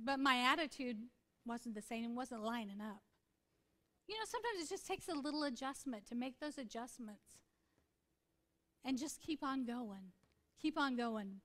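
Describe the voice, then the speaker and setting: A woman's voice: sits high, pushed and bright. A woman pastor in her forties preaching a sermon in an earnest, conversational way, repeating points for emphasis.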